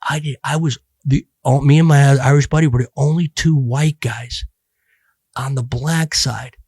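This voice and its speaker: A man's voice: medium pitch, steady tone, normal speed, a little mellow, breathy edge, no room sound, studio quality. A middle-aged man talking bluntly and profanely as a podcast guest, rambling with many restarts. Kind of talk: casual podcast conversation.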